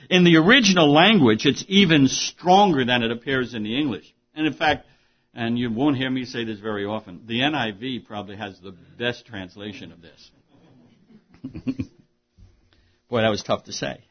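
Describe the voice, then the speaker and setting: Male pastor mid-sermon, slightly raspy, earnest delivery that swings from quiet to emphatic; muffled low-fidelity recording. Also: moderate pace.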